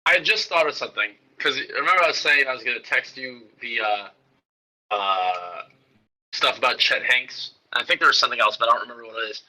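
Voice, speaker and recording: Very bright-voiced man in laid-back chat. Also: mid-range voice, a little fast, rough recording. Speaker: podcast co-host. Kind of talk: casual chat.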